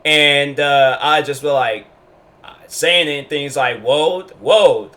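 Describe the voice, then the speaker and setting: Young man, bright tone, casual storytime vlog, rambling delivery. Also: on the high side, steady tone, takes it slowly. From Washington State, US. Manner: rambling, lots of fillers and restarts. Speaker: YouTuber.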